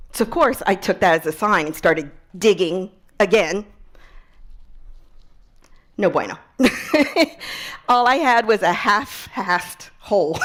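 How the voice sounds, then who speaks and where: A woman speaker tells an inspirational story to an audience. Her voice sits at an ordinary middle pitch. She is expressive and often drops to a soft, hushed tone for emphasis. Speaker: public speaker.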